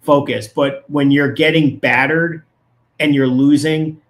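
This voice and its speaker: A man's voice: on the high side, steady tone, a little slow. A man, a lawyer, giving legal analysis as a guest in a casual interview, arguing his points emphatically and with indignation.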